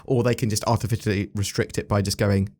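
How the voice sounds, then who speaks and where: A man's voice: on the low side, little pitch movement, quick pace, darkish tone. A man hosting a casual chat about game news, rambling and asking his co-host questions.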